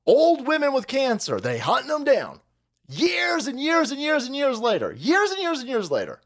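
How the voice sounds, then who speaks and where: A man's voice: wildly swooping pitch, normal speed, a bit bright. Foul-mouthed ranting streamer man. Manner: crude, mocking, swings between high sarcastic mimicry and low grumbling. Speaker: livestream host. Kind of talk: profane political rant.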